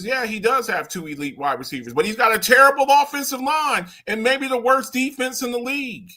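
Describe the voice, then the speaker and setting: A bright, high-pitched man hosting a sports talk show. He rants with excitable energy, and his pitch and volume jump around as he makes his points. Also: brisk, few pauses. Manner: loud, excitable, swings high and low in pitch, slips into mock voices. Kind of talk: animated sports talk rant.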